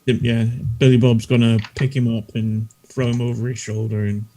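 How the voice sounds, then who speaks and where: Mellow-voiced male player. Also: medium pitch, flat delivery, brisk, poor audio. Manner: loose and laughing, with fillers. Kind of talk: casual tabletop play.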